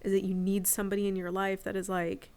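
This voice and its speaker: A woman's voice: medium pitch, flat delivery, fast talker, darkish tone, clear, resonant tone. A woman in her forties, a podcast guest, telling personal stories in a candid, reflective casual chat.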